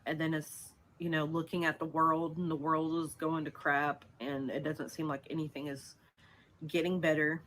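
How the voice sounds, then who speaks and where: A woman in a played vlog clip, talking haltingly and anxiously about her feelings. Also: low-pitched, flat delivery, fairly bright tone, a little hiss or hum. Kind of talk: personal confessional vlog.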